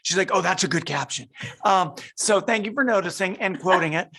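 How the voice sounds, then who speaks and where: A man's voice: sits high, brisk, pushed and bright, slightly rough. A middle-aged man, a film director, answering interview questions eagerly and often restarting his sentences. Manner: eager, restarts and repeats words as he thinks. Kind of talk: interview over a video call.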